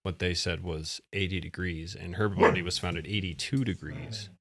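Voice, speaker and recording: A man co-hosting a live stream, chatting casually and thinking out loud with self-deprecating asides. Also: deep voice, fairly even intonation, normal speed, very noisy. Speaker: co-host.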